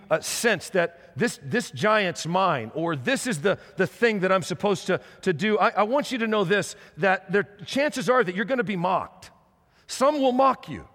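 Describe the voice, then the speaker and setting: A middle-aged man preaching a sermon, telling stories with animated energy and frequent restarts. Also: sits high. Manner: animated storytelling with many restarts. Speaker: pastor. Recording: long hall reverb.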